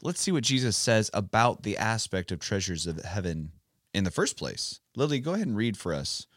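A man's voice: lowish voice, big pitch swings, moderate pace, fairly bright tone, no echo, studio quality. A man hosting a casual Bible podcast for children, talking in a playful, teacherly way. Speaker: podcast host.

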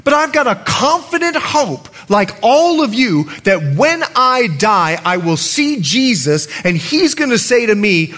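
A middle-aged man from the United States, a pastor preaching a sermon in a lively, humorous way. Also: sits high, normal speed, few pauses.

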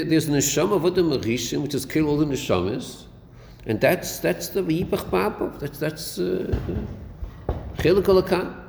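A Torah teacher lectures a class on a Chassidic text, posing rhetorical questions and mixing Hebrew terms into his English. His voice sits on the high side with vocal fry and a darkish tone. The hall recording is echoey with faint noise.

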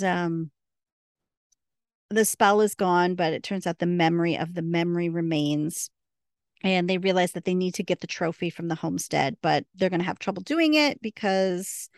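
Chatty woman with a gravelly low voice. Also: no echo, clean studio sound. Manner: chatty, laughs often, full of fillers and retold dialogue. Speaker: podcast co-host. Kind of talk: casual episode recap.

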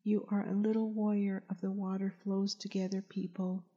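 A woman's voice: mid-range voice, flat delivery, moderate pace, mellow, lightly acted. A woman voicing a Navajo warrior leader who gives his grandson a solemn ceremonial greeting. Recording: dull lo-fi recording.

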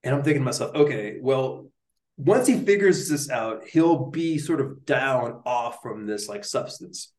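A man's voice: medium pitch, unhurried. A young man and neuroscientist guest, telling a story in a casual interview, full of slang and fillers like dude and like. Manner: animated, slangy, lots of likes and dudes. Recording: roomy echo.

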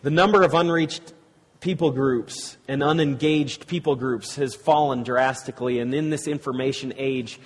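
A man's voice: mid-range voice, fairly even intonation, normal speed, breathy edge. A man preaching conversationally, with restarts and asides to the audience, before reading from a storybook. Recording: long reverb of a large hall.

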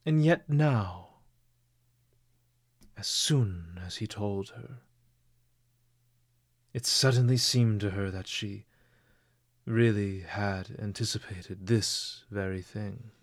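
A male audiobook narrator with a low-pitched voice reads a novel in a measured, expressive way. He takes his time over each phrase, and the recording is close and dry. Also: no echo.

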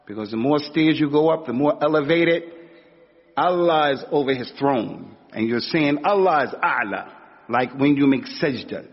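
This preacher's mid-range voice is husky and expressive, at a normal speed. His sermon is informal and conversational, full of street slang and acted-out anecdotes, captured in a dull recording with lengthy hall reverb.

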